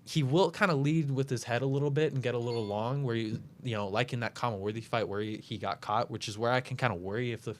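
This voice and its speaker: A man's voice: mid-range voice, fast talker, hardly any pauses. A man hosting a casual talk show, breaking down upcoming fights with lots of fillers and self-corrections. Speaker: podcast host making fight picks.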